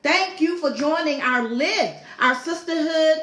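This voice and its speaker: Hosting a women's fellowship livestream, a middle-aged woman with a high voice welcomes her audience at an unhurried pace. She is warm and effusive, repeating her greetings to viewers again and again. The room is echoey, and faint music plays behind her.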